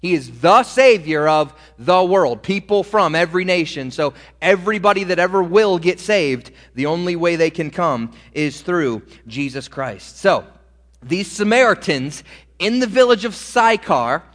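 A male preacher delivering a sermon, slowing down to stretch and stress key words. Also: high-pitched, lively intonation, a bit bright. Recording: reverberant hall.

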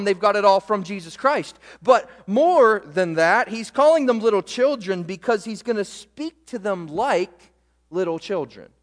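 A young man preaching a sermon as pastor, animated and emphatic, repeating words for weight. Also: high voice. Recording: echoey hall reverb.

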